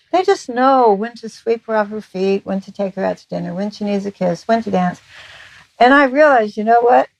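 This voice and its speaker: A woman's voice: fairly high pitch, creaky, dry recording, low-quality recording. A middle-aged woman giving a candid, confessional talk about her marriage, acting out the dialogue as she tells it. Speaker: speaker on relationships. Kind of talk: personal storytelling talk.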